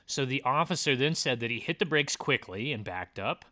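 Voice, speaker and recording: A man's voice: medium pitch, wildly swooping pitch, fairly quick, few pauses, bright, forceful tone. A man co-hosting a podcast, chatting casually and reading out reports in a playful, teasing way. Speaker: podcast co-host.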